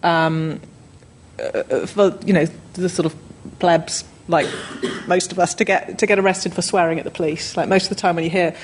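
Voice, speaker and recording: A woman's voice: fairly low pitch, fairly even intonation, normal speed, slight background noise. A woman on a discussion panel, talking hesitantly with many ums and restarts.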